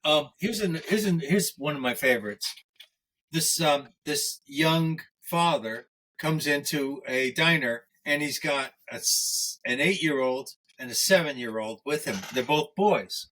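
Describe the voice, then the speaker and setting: A man in a casual podcast chat, telling crude jokes in a rambling, halting way that is full of restarts. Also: fairly high pitch, pushed and bright. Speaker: podcast co-host.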